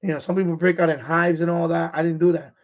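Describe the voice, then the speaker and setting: Man, high voice, casual live stream host, animated storytelling, swears, dull lo-fi sound. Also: fast. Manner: animated and profane, retelling a scary event.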